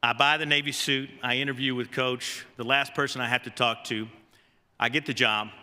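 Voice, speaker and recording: Speaking at a steady, moderate pace with a sharp mid-range voice, a man gives an award speech in a banquet hall. The former assistant coach tells plenty of stories in a folksy, self-deprecating way, stumbling through fillers and restarts. The big room adds long reverb.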